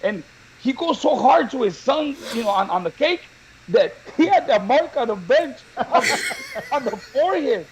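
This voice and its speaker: A man co-hosting a talk show, telling funny stories in a lively, laughing way. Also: extremely high pitch, normal speed, crowd noise, low-quality recording. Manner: animated, laughing storyteller. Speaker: show co-host. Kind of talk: casual storytelling chat.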